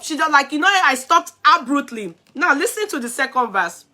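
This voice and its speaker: A woman's voice: sits high, animated, moderate pace, pushed and bright. A middle-aged Nigerian woman with a Nigerian accent, chatting affectionately on a live stream and laughing often. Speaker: vlogger. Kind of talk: casual live-stream chat.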